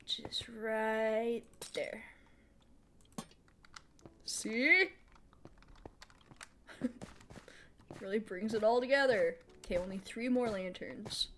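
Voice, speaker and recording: A woman streamer giving casual live gameplay commentary. She thinks out loud while she builds, answers chat aloud and laughs often. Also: on the high side, very slow, long pauses, a little hiss or hum. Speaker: streamer playing a building game.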